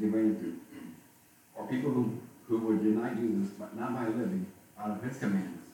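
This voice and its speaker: A man preaching a sermon as pastor, speaking haltingly and often restarting and repeating his words. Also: on the low side, mellow. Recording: very echoey, from far off, faint noise.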